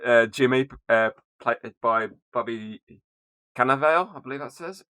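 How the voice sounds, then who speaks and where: A man's voice: medium pitch, normal speed, bright, forceful tone. A young man hosting a casual movie review podcast, swearing freely and laughing often. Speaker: podcast host.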